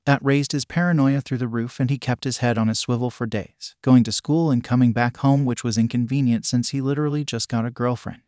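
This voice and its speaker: A man reading fan fiction aloud in an even, literal narration. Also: mid-range voice, a little fast, hardly any pauses, dry recording, clean studio sound. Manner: even, literal reading, reads out sound words.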